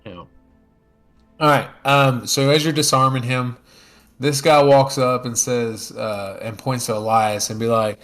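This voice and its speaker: A man narrating as game master, casual and full of fillers, slipping into quick character lines. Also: mid-range voice, steady tone, fairly bright tone, faint music behind.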